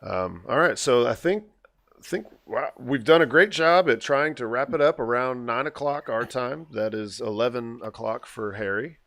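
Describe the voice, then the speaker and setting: A man's voice: mid-range voice, normal speed, creaky, fairly bright tone, no echo, clean studio sound. Chatty man hosting a casual show. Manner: chatty, laughs easily, trails off with fillers. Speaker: podcast host. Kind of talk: casual chat.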